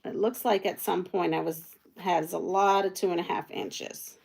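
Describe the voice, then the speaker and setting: A woman's voice: fairly low pitch, steady tone, normal speed, vocal fry, darkish tone. A woman hosting a quilting livestream from home, chatting casually with viewers and thinking aloud as she sews. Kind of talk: casual live chat while sewing.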